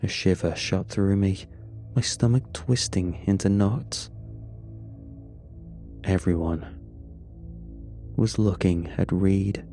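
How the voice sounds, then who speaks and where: A man narrating a first-person horror story in a measured, grim manner. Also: low voice, warm tone. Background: faint music.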